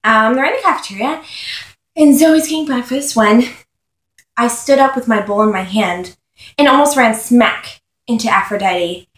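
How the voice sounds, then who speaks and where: A woman's voice: on the high side, normal speed, fairly bright tone. A woman giving a casual chapter review of a novel, reading passages aloud between wry, sarcastic asides. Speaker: book reviewer. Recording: echoey room.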